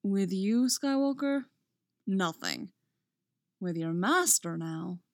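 A woman voicing a cold, menacing older male count, measured and calm, in a dry recording. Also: mid-range voice, no room sound. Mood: cool.

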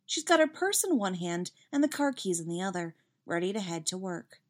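A woman reading a fan story aloud with lively, expressive narration. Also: on the low side, fairly quick. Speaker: fanfiction reader.

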